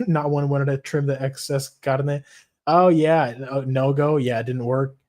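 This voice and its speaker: Brief: male streamer, casual, profane, excitable. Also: medium pitch, a little slow. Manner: profane, excitable, reads chat aloud. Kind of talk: casual livestream chat.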